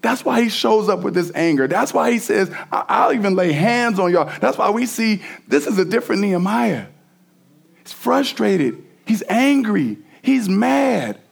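A man delivers a sermon as pastor, his voice fairly high with a gravelly, fry-edged texture. He reads scripture, then talks animatedly, often restarting phrases and acting out quotes.

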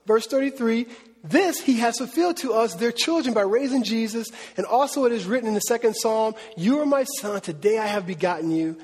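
A man's voice: extremely high pitch, fairly quick, a little mellow, slightly rough, in a large hall. A man preaching a sermon as a pastor, talking in a conversational way and often asking his listeners questions. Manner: conversational, asks the audience questions.

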